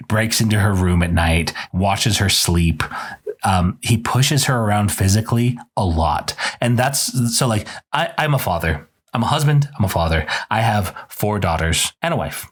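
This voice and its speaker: A man hosting a podcast, giving a casual, opinionated book review in an indignant, emphatic way. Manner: indignant, emphatic, voice jumps higher when worked up.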